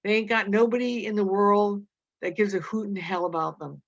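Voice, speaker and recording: A weary working man speaks quietly in a flat monotone, as a woman reader voices him. The recording is dull and lo-fi. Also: medium pitch, moderate pace, no echo, close to an everyday voice.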